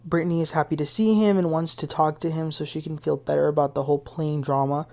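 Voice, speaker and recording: Low-voiced chatty woman recapping TV. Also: steady tone, fast talker, darkish tone. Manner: chatty, retells scenes with opinions and asides. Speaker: TV recap host. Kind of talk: casual reality TV recap.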